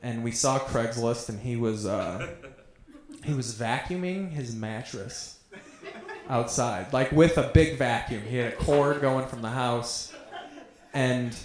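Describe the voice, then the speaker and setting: A man tells crude, casual stories on a comedy stage. His voice sits at a middle pitch, and it carries a roomy, echoing club sound. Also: takes it slowly. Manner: crude, conversational storytelling. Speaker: stand-up comedian. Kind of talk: stand-up comedy set.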